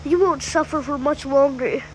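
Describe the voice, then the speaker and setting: A woman's voice: sits high, normal speed, noisy background, lightly acted. Woman doing a defiant, self-serving grown man. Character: desperate grown man turning selfish.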